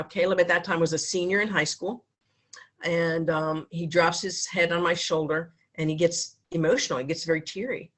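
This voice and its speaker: A woman in her fifties giving a heartfelt speech at a club meeting, telling a personal story with pauses and restarts. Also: on the low side, fairly bright tone. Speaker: foundation speaker at a club meeting.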